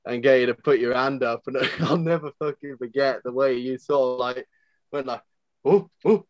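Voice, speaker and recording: A man's voice: medium pitch, steady tone, normal speed, no room sound, lo-fi sound. A man, a farmer guesting on a podcast, telling stories in casual chat with lots of swearing and laughter.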